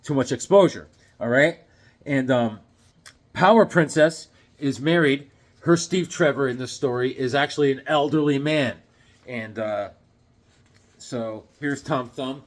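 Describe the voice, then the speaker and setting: A man casually recapping a comic book story, animated and storytelling, acting out the characters. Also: medium pitch, a little slow, pauses often. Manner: frequent fillers and restarts.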